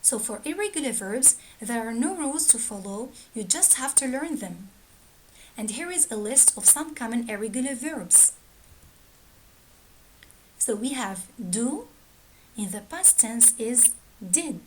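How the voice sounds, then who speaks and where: A woman teaching a grammar lesson, reading out word pairs slowly and deliberately. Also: on the high side, animated, darkish tone, poor audio. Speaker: English teacher.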